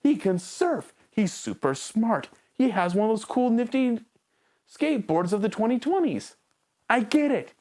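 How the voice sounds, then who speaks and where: Animated sarcastic woman reviewing a movie. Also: on the high side, a little slow. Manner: sarcastic, rhetorical questions; talks straight to the viewer. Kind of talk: casual video review.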